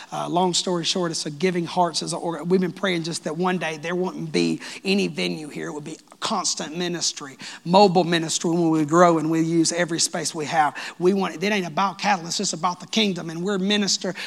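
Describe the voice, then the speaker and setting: A man preaching a sermon as pastor of his church, lively and joking with the congregation. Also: on the high side, gravelly. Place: church sanctuary.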